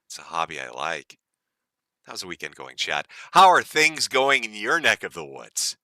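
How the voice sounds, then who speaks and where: A man's voice: lowish voice, huge pitch swings, normal speed, sharp tone, dry recording, clean studio sound. A man from the United States hosting a live stream, ranting in a profane, mocking and gleeful way. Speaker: stream host.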